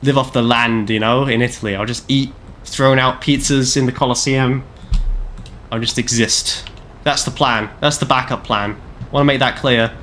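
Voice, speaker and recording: Casting: young man in his twenties, mid-pitched, rambling and jokey gameplay streamer. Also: fairly even intonation, moderate pace, fairly bright tone, a little hiss or hum. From Canada. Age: 20s. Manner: rambling, self-deprecating, jokey, lots of "like" fillers. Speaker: game streamer. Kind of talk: casual gameplay live-stream chat.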